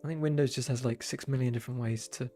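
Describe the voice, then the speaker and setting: A man's voice: mid-range voice, fairly even intonation, quick pace, warm tone, soft background music. A young man streaming, chatting casually while he draws, with dry self-deprecating humor. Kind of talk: casual chat while drawing.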